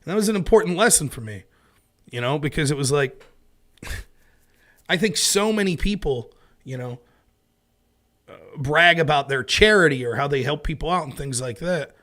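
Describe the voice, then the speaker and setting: A man's voice: a little high, expressive, normal speed, long pauses, sharp tone. A man in his thirties hosting a casual commentary show, telling rambling stories with frequent swearing. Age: 30s. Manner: rambling, profane storyteller. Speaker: host.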